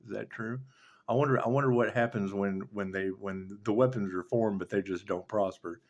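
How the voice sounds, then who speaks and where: The audio is dull, carrying a lowish, steady male voice at normal speed. He's a tarot reader on a casual spiritual rant, profane and sardonic, hopping from one idea to another.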